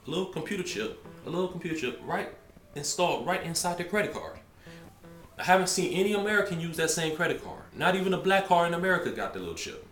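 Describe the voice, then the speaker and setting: A man's voice: a little high, very animated, quick pace, a bit bright, echoey room, faint music behind. A man talking to camera in a rambling, emphatic way, often restarting his sentences. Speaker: vlogger. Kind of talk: casual monologue to camera.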